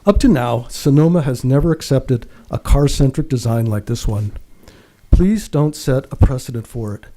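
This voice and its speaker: A man's voice: mid-range voice, expressive, normal speed, warm tone. A man giving a prepared public comment at a city council meeting, earnest and emphatic as he reads from his notes.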